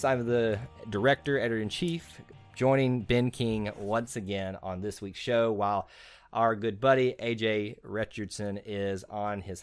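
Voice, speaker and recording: A man's voice: fairly low pitch, smooth, dry recording. A man hosting a casual sports podcast, joking, rambling and laughing easily. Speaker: podcast host.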